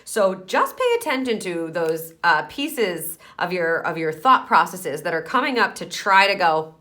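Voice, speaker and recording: A woman's voice: fairly low pitch, very animated, moderate pace, hardly any pauses, bright, forceful tone. A woman giving an encouraging pick-a-card tarot reading, chatting loosely and thinking aloud with fillers.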